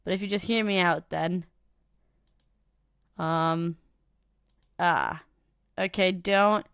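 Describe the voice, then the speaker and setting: A woman's voice: fairly low pitch, fairly even intonation, slow pace, gravelly, a bit bright, smooth, no echo, studio quality, exaggerated voice. Woman voicing a snarky talking katana. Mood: coaxing. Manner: brusque and teasing.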